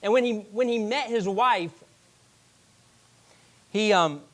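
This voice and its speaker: A male pastor delivers a sermon in a church, his voice sitting a little higher than most men's. He tells stories with energy, jumping to loud bursts and then slowing right down for emphasis. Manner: animated storytelling preacher, with sudden loud bursts and slowed emphatic phrases. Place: church sanctuary.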